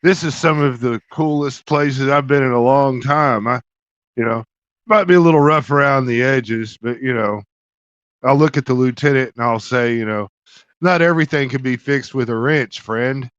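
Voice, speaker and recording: A man's voice: mid-range voice, moderate pace, fairly bright tone, no room sound. A man playing in a tabletop game, talking in a folksy, plain-spoken way. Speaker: player. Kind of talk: casual chat in character. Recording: dull, dry lo-fi mic.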